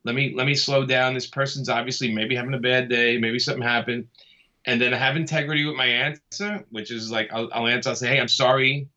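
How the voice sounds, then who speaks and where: A man's voice: mid-range voice, fairly even intonation, fast, pushed and bright, muffled recording. A man from Brooklyn, talking casually and easygoingly as an interview guest, often laughing as he speaks. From Brooklyn, New York. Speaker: comic artist guest.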